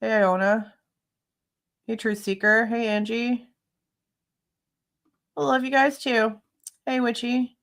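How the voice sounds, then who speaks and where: A woman's voice: a little high, little pitch movement, takes it slowly, pauses often, a bit bright. A woman hosting a casual livestream, chatting with viewers and greeting them by name, laughing often. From Ohio. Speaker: livestream host.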